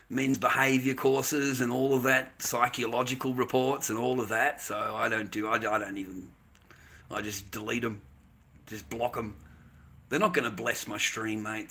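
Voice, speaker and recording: On a rough-sounding livestream, a middle-aged Australian man rants casually, cursing heavily and circling back over the same points. His voice sits in the mid range with a sharp edge.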